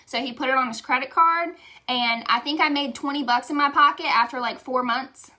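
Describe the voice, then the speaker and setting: A woman's voice: sits high, brisk, pushed and bright. A young woman giving a candid, emotional motivational testimonial, chatty and saying y'all. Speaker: direct sales leader.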